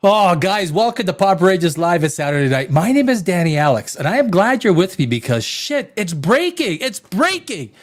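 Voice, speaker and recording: Rowdy high-voiced male live-stream host. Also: fairly quick, few pauses. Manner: loud, rambling, swearing, reading chat comments aloud; animated, swings between shouting and muttering. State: tipsy from wine.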